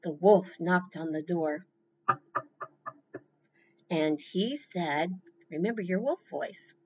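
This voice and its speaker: A woman presenting a library storytime, reading slowly and encouraging the children warmly as she leads them. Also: on the low side, lo-fi sound, slight background noise. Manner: encouraging, slow, animated.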